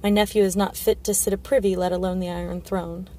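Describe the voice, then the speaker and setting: A woman reading a storybook part of a bitter, sharp-tongued dwarf lord, with a sardonic, sour manner. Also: lowish voice, little pitch movement, quick pace, a little hiss or hum, close to an everyday voice.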